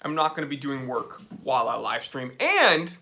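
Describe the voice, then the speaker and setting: A man's voice: mid-range voice, very animated, moderate pace, sharp tone. A young man from New England, hosting a casual livestream from his office and reading viewer comments aloud in an upbeat way. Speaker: livestream host.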